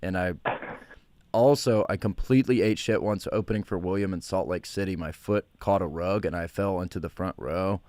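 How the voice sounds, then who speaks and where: A male comedian telling stories in a casual chat, animated and self-deprecating. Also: low-pitched, moderate pace, no room sound. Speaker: guest comedian.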